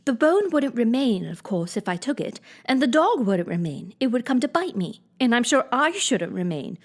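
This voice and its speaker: A woman reading a storybook puts on a curious young girl, earnest and eager, her voice pitched high and swooping. She takes her words slowly and carefully, as if weighing each one. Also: sing-song.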